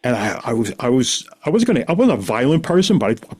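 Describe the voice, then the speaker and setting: A middle-aged man, a podcast guest, telling a long personal story in an animated, rambling way full of restarts. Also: medium pitch, fast talker, slightly rough. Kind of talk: casual storytelling.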